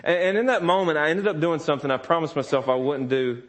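A man's voice: on the high side, fast talker. Candid, laughing preacher man. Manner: candid, self-deprecating, laughs often, acts out his kids' voices. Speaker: pastor. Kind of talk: sermon with personal stories.

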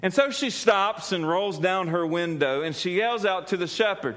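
Preacher with a lively joking delivery. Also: male voice, high-pitched, normal speed. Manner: folksy, repetitive restarts, tells a joke then turns earnest. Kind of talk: sermon.

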